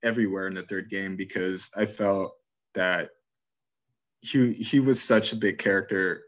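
A man's voice: low-pitched, steady tone, measured pace, fairly bright tone. A man chatting casually about a video game he loves, rambling through favorite scenes and laughing as he retells them.

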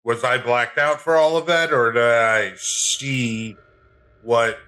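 A man playing a tabletop role-playing game, speaking in character with a deliberate delivery. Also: medium pitch, fairly even intonation, sharp tone, low-quality recording. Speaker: player. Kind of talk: in-character play.

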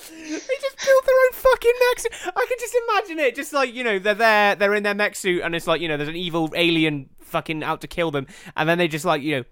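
A man's voice: high voice, animated, fast talker, hardly any pauses, pushed and bright, smooth, dry recording. A man co-hosting a comedy podcast, riffing crudely and laughing as he swears freely through the banter. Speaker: podcast co-host.

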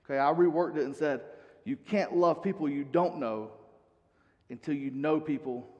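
A man's voice: a little high, moderate pace, darkish tone, in a large hall, dull audio. A male pastor giving a sermon in a conversational way, reading scripture aloud.

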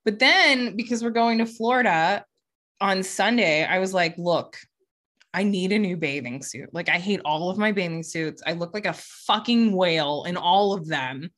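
A woman's voice: lowish voice, normal speed, fairly bright tone. A woman in her forties, a podcast co-host, telling candid, profane stories in casual chat. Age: 40s. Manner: candid, profane storytelling with laughs.

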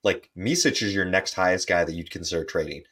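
Lowish-voiced man breaking down basketball. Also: brisk, a bit bright. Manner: analytical, lots of "like" fillers, playful teasing. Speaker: podcast co-host. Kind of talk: casual sports chat.

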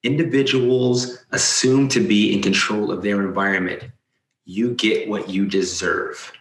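A man's voice: lowish voice, steady tone, unhurried. A man giving casual commentary as he reads points aloud, with sarcastic, incredulous asides. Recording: echoey room.

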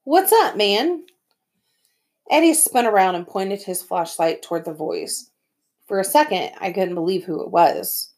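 A woman reading a first-person story aloud as an audiobook narrator, with lively storytelling. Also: lowish voice, normal speed.

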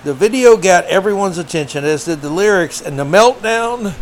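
A man's voice: high voice, normal speed, few pauses, low-quality recording. A man hosting a podcast, delivering a combative, sarcastic political commentary monologue. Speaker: podcast host.

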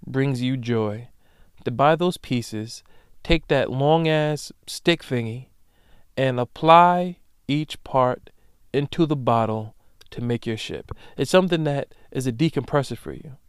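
A young man hosting a solo comedic podcast, ranting emphatically with profanity and loud animated bursts. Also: medium pitch, unhurried, clear, resonant tone, no room sound, studio quality. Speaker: podcast host.

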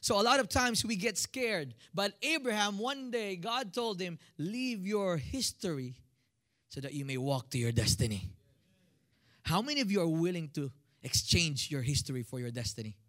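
Lively Filipino pastor preaching. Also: male voice, sits high, normal speed. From Philippines. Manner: animated, calls out to the congregation. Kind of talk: sermon.

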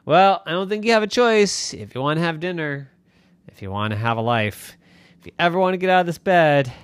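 A man's voice: on the high side, expressive, brisk, smooth, dry recording, pitched above the performer's own voice, close to an everyday voice. A man voicing a dad in a bedtime story, exasperated yet playful with his son.

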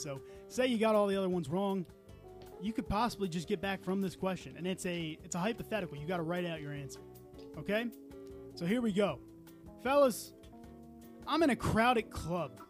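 A man's voice: sits high, fast, darkish tone. A man hosting a casual podcast, joking around and running a quiz for his friends. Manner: joking, storytelling, quizmaster. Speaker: podcast host. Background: music held up to the mic.

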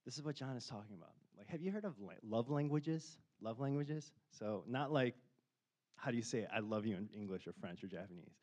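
A man's voice: mid-range voice, expressive, fairly quick, darkish tone, lo-fi sound. Casual, chatty man preaching. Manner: conversational, self-deprecating, rises to impassioned questions. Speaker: pastor. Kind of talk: casual sermon.

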